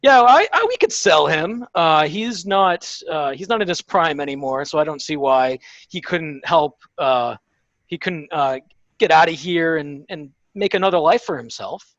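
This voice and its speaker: A man's voice: on the high side, expressive, a little slow, a bit bright, no room sound. A man voicing a flamboyant male arena magistrate who makes grand, theatrical proclamations. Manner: showy, dramatic proclamations. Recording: dull lo-fi sound.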